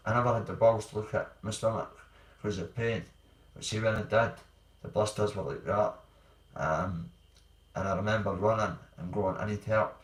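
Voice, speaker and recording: A Scottish man telling his own hard stories in a blunt, rambling way, swearing freely. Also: on the low side. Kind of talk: candid personal storytelling. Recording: roomy sound, distant from mic.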